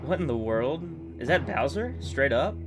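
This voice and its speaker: A man's voice: medium pitch, moderate pace. Young guy streaming from his room, freaking out over a trailer, faint music playing. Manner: excitable, loud bursts of hype and laughter. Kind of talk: live reaction stream. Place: home room.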